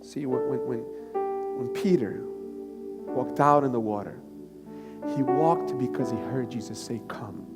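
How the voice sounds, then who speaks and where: Man preaching with surging, then hushed delivery. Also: a little slow, pauses often. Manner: swings between loud emphatic bursts and low, hushed stretches; repeats key phrases for emphasis. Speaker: pastor. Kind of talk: live sermon. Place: church sanctuary. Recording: live church recording with long reverb and music behind.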